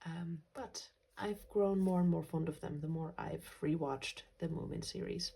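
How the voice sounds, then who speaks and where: A woman from Finland hosting a journaling vlog, talking softly and gently in a casual way and dropping into quiet whispers. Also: sits low, steady tone, a little slow, gravelly, breathy edge. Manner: soft-spoken, gentle, slips into quiet whispers. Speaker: journaling channel host.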